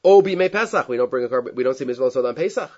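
A man's voice: mid-range voice, animated, rapid-fire, a little mellow. A man teaching a class on Jewish law, reading Hebrew sources and explaining them in English, with asides and rhetorical questions. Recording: dull lo-fi recording.

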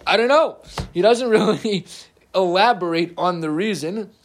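A middle-aged man teaching an informal Torah class, animated, with humorous asides and frequent restarts. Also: sits high, moderate pace.

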